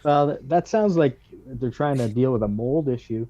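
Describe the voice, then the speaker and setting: Mellow-voiced man on dull lo-fi audio. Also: medium pitch, normal speed. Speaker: podcast guest. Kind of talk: casual conversation.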